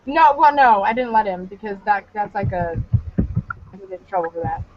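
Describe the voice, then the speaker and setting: A woman's voice: medium pitch, moderate pace, a little hiss or hum. A young woman co-hosting a podcast, telling a story in a loose, profane, laughing way. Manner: animated, profane, laughs a lot. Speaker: podcast co-host. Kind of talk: casual comedic storytelling. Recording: dull lo-fi podcast audio.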